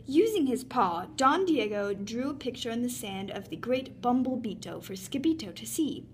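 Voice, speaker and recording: A woman reading a children's picture book aloud with expressive storytelling. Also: fairly high pitch, moderate pace, slight background noise. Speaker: reader.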